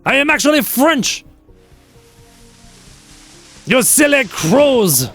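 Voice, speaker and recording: A man's voice: extremely high pitch, sing-song, slow pace, fairly bright tone, faint music behind, voice pushed up, exaggerated voice. A man putting on a teasing, exaggerated fake French accent as a mock-pompous Frenchman.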